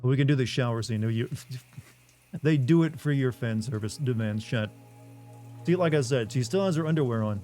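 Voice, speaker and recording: A man hosts a live game stream and keeps up a wry, joking commentary. He reads in-game messages aloud in a mellow, relaxed voice. Faint music runs underneath. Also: mid-range voice, moderate pace.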